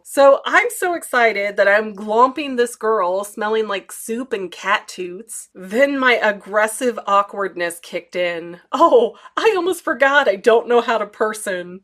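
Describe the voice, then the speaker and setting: A woman in her thirties telling a storytime vlog, self-deprecating and animated, acting out quotes. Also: on the high side. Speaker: vlogger.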